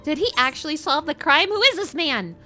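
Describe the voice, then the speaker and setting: A woman livestreams a game, chatting casually with her viewers, giggling and laughing often as she talks to chat. Her voice is high, animated, bright and pushed, a little fast, with soft music playing behind her.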